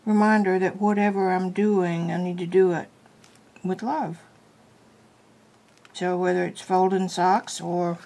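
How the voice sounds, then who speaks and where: Slow, gravelly-voiced woman teaching art. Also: medium pitch, darkish tone, a little hiss or hum. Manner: chatty, unhurried, thinking aloud while drawing. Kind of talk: casual drawing tutorial.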